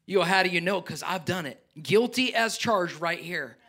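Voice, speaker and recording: A middle-aged man preaching a sermon as pastor, animated, climbing to near-shouts and then dropping to soft, quiet asides. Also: high voice, normal speed.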